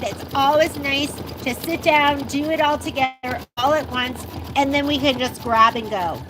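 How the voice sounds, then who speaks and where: A high-voiced woman runs a casual live sewing demo from her shop. She talks in a loose, chatty way, answering viewer questions and often laughing. A sewing machine hums through clear background noise. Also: normal speed, hardly any pauses. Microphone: handheld phone while filming.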